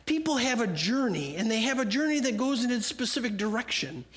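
A man's voice: very high voice, sing-song, brisk, fairly bright tone. A man speaking as a missionary at a church, talking conversationally and acting out imagined dialogue. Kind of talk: church talk with acted-out quotes. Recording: long hall reverb.

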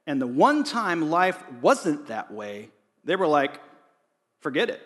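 A man's voice: fairly high pitch, big pitch swings, slow, a bit bright. A man preaching a sermon in a conversational way, rising to emphatic readings of scripture. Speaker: pastor. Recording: long reverb of a large hall.

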